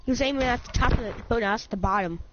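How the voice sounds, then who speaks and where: A woman gamer chatting with teammates during an online shooter match, excitable, complaining and playfully threatening. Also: fairly high pitch, rapid-fire. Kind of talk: casual chat while playing an online shooter. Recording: muffled lo-fi mic with loud clicking noise.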